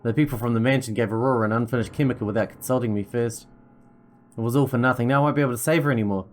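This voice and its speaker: A man voicing a calm, determined male scientist in a visual novel, explaining in a measured way. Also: medium pitch, soft background music, lightly acted. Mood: despairing. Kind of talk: reading a visual novel aloud.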